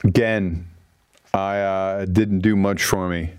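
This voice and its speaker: A man's voice: sits low, steady tone, slow, clean tone, no room sound. A man hosting a film segment in casual, rambling chat, often correcting himself. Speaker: host.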